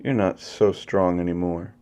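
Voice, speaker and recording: A cold young rival who brushes others off in short, curt lines, as a man plays him. The voice is low and warm-toned. It moves slowly. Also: fairly even intonation. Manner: curt, dismissive.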